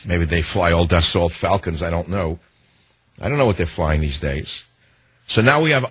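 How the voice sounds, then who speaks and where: An older man delivers a political talk radio monologue in a very deep, husky voice. He is sardonic and emphatic, driving his points home by repeating phrases. The sound is dry and close. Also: a bit bright, no echo. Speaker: radio talk show host.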